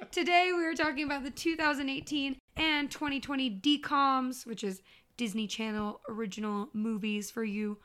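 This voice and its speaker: A woman in her thirties hosting a podcast, animated and expressive in casual chat. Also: high-pitched, normal speed. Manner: animated, expressive, grossed-out reactions. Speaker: podcast host. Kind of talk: casual chat and show intro.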